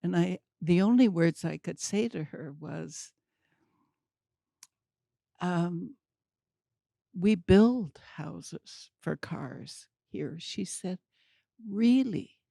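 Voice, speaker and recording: An older woman telling a story at a community talk, deliberate and wry with dry humor. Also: fairly low pitch, creaky, mellow, no room sound.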